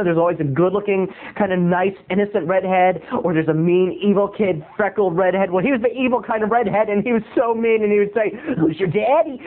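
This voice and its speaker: A man hosting a comedy show, telling a rambling story with stammering restarts and sudden loud outbursts. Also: high-pitched. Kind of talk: comic storytelling monologue. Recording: tinny phone-like lo-fi audio.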